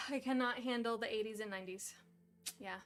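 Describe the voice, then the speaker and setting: A woman's voice: on the high side, moderate pace, fairly bright tone, a little hiss or hum. A young woman hosting a stream, reading a storybook aloud and chatting casually, giggly and self-deprecating, feeling overheated. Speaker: stream host and reader.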